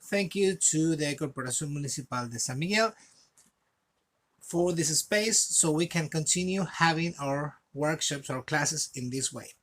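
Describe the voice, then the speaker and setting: Man teaching a slow English class. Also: on the high side, a bit bright. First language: Spanish. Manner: slow, repeats words for learners to copy. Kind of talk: recorded online class.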